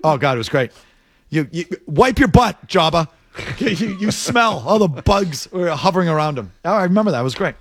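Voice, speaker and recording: A man hosting a sports radio show, joking and animated in casual banter. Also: fairly high pitch, moderate pace, no room sound, clean studio sound. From Boston area. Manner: animated, joking, mock-whining.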